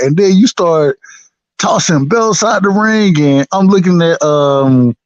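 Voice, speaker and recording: A high-voiced man from the States chats about boxing in a loose, profane, easygoing way, often circling back to the same phrases. His voice is recorded dry, with a slightly muffled, dull tone. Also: expressive, takes it slowly, no echo. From United States. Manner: laid-back, profane, laughing, repeats himself. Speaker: boxing podcast co-host. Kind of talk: casual chat.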